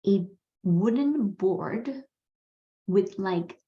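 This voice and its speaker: A woman's voice: mid-range voice, animated, very slow, dark tone. A woman in her forties hosting a podcast, telling a personal story in a candid, earnest way with casual swearing. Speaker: podcast host. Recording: slightly dull, roomy recording.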